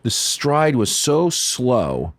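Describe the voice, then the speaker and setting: A middle-aged man from California's San Fernando Valley, a guest on a podcast, telling animated, self-deprecating stories in casual, profane chat. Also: mid-range voice, very slow, no room sound. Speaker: podcast guest, film producer.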